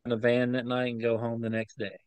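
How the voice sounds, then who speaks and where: Male interview guest, mid-pitched smooth voice, earnest halting testimony. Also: completely flat delivery, a little mellow, no room sound. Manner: earnest, halting, emotional retelling. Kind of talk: personal recollection in an interview.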